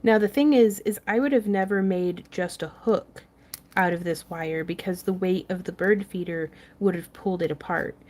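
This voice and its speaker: A woman's voice: on the low side, normal speed, a little mellow. A young woman hosting a casual craft tutorial livestream, chatting, laughing often and reading viewer comments aloud as she works.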